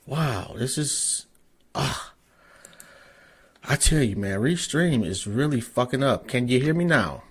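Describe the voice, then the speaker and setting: A man's voice: medium pitch, lively intonation, slow, long pauses, slightly rough. Male podcast host, loose and profane, casual interview chat.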